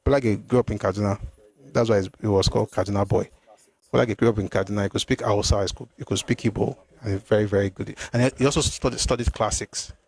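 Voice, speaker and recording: A man hosting a live stream, answering viewer comments in an animated, exclamatory way, often repeating himself. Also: lowish voice, fast talker, creaky, breathy edge. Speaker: host.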